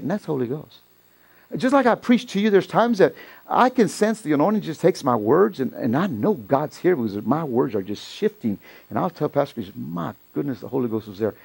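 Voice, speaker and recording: Middle-aged male pastor, gravelly and fairly high, storytelling sermon in a church. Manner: storytelling preacher, rising to loud excited peaks.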